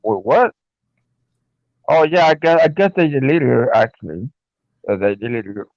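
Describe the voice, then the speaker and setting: A man co-hosting a home stream in casual chat, rambling and halting with many fillers. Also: medium pitch, very animated, no echo. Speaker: stream co-host. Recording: dull lo-fi stream mic.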